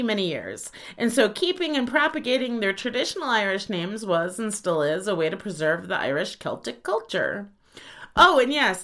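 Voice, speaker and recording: A woman's voice: on the high side, fairly bright tone. A woman co-hosting a podcast, easygoing and joking as she shares facts. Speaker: podcast co-host. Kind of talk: casual podcast chat.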